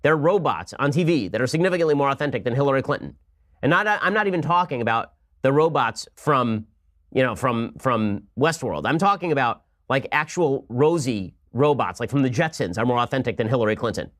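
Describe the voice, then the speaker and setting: A man hosting a political commentary show, arguing in a sarcastic, rapid-fire way. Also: medium pitch, animated, a bit bright. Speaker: podcast host.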